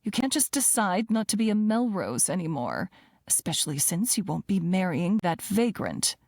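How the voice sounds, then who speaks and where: A woman's voice: mid-range voice, big pitch swings, normal speed, a little mellow, dry recording, studio quality. A woman reading an audiobook voices a cold, snobbish older mother who scolds in clipped, hissing tones. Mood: disdainful.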